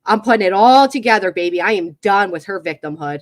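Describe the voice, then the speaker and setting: Talking quickly and animatedly in a medium-pitched voice, a woman runs a livestream commentary, addressing viewers and chat at her computer with mocking exasperation. She uses a computer mic, yet the dry recording has studio quality.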